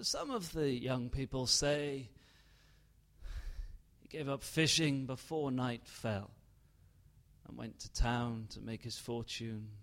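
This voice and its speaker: Slow, deliberate male storyteller. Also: mid-range voice, vocal fry, a bit bright. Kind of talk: dramatic story narration.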